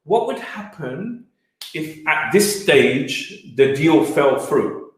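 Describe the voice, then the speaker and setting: A young man imitating a posh, smooth-talking male estate agent, coaxing and sly. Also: fairly high pitch, big pitch swings, slow, pitched below the performer's own voice. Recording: very echoey room.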